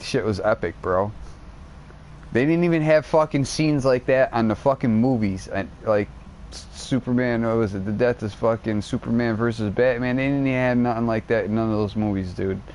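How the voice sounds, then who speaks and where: A man streaming a game, rambling in casual chat and retelling a show in an excitable, foul-mouthed, slang-heavy way. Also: on the low side, slight background noise. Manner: profanity-laden, excitable storytelling, heavy slang.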